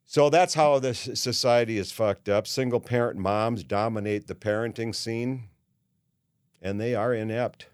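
A podcast host in his seventies delivers a blunt, opinionated monologue, ranting with many "uh"s and restarts. His medium-pitched voice moves at a measured pace with a clean tone, recorded at studio quality with no echo.

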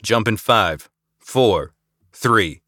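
A man voicing an upbeat, eager pilot calling out checks in a brisk manner, for an audiobook. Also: on the low side, lively intonation, pushed and bright, no room sound, studio quality, full character voice. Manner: brisk, whooping. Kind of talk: scripted audiobook acting.

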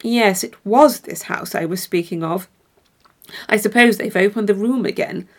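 A woman reading the part of a dapper gentleman who tells a ghost story, speaking calmly and gravely with a sly dryness. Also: medium pitch, normal speed, natural voice. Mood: polite, sly. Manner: calm, grave, slightly sly delivery. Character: dapper, composed man telling a ghost story.

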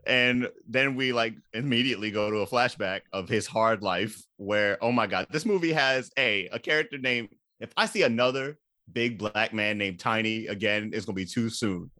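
A man casually recapping a movie for a comedy podcast, animated and laughing, with sudden high-pitched outbursts. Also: moderate pace, no echo, studio quality.

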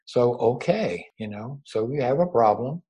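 A man giving a spiritual teaching over a video call, unhurried and gently reassuring, often repeating his words. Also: mid-range voice, lively intonation, slightly rough, low-quality recording. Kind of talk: meditative spiritual talk. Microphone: own microphone over a video call.

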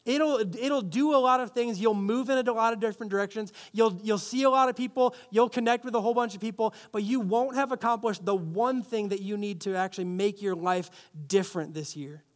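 A man's voice: high voice, fairly quick, few pauses. A man preaching a sermon, reading scripture, leading the congregation in repeating a phrase, and adding playful asides. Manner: animated, playful asides, leads congregation in call-and-response. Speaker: pastor.

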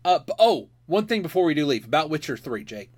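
A man co-hosting a podcast in casual chat, excitable and swearing freely. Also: a little high, fast talker, husky. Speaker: podcast co-host.

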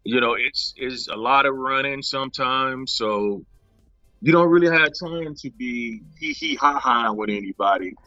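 A man, an actor being interviewed, telling stories from a shoot in a casual, animated way, acting out quotes and laughing often. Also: mid-range voice, measured pace, dry recording, dull audio, soft background music.

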